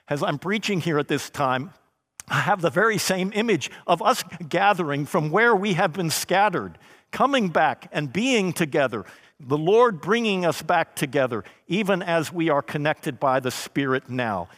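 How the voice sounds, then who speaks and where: A man preaching a sermon, slow and emphatic, with dramatic pauses and scripture read aloud. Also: fairly high pitch, lively intonation, a bit bright, in a large hall. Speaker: pastor.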